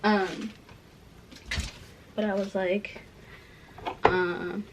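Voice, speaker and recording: A young woman rambling through a casual rant at home while packing, full of "like" fillers, dipping into soft asides. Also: mid-range voice, normal speed, very noisy. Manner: rambling, heavy use of "like" fillers; drops to soft asides about clothes. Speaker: vlogger.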